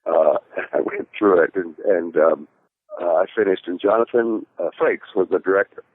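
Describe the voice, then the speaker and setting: A man's voice: low-pitched, moderate pace, no echo. A man, an actor being interviewed, telling a story in a rambling, casual way with plenty of fillers and restarts. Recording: tinny phone-like call audio.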